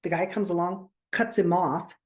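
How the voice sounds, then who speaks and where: A woman co-hosting a podcast, chatting casually and telling animated stories, acting out the people she quotes and laughing often. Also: lowish voice, moderate pace. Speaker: podcast co-host, counselor. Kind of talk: casual chat, storytelling.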